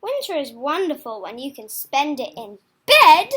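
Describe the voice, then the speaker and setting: A woman reading a children's picture book aloud in a slow, expressive way. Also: sits high, slight background noise. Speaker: storybook reader.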